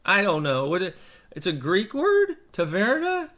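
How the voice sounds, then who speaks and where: A man's voice: sits high, wildly swooping pitch, normal speed, a bit bright. A man who is a stage actor, chatting in a casual vlog in a rambling, self-mocking way into a desk microphone.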